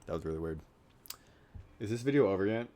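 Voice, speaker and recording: A man's voice: on the low side, lively intonation, fast talker, warm tone. A young man in his late teens vlogging casually, rambling and joking at his own expense. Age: young adult. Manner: rambling, self-deprecating, joking. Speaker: YouTuber.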